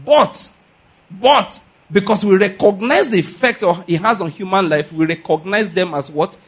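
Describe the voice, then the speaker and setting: Male preacher, high husky voice, emphatic, works the room with call-and-response questions. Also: moderate pace. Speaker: pastor. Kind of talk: sermon.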